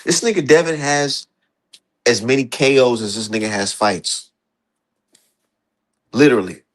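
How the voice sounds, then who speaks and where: Man, stream host, casual boxing chat, emphatic, profane, heated rises in pitch. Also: measured pace.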